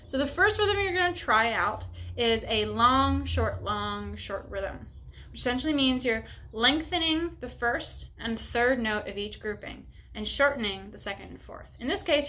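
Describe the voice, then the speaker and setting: A woman's voice: a little high, animated, fairly quick, hardly any pauses, fairly bright tone. A young woman teaching a music lesson, upbeat and encouraging, explaining each step plainly. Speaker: bassoon teacher.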